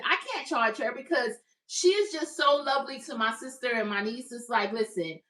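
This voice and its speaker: A woman's voice: on the high side, pushed and bright, reverberant, recorded from a distance. A woman hosting a crochet livestream, chatting upbeat with her viewers. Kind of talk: casual livestream chat.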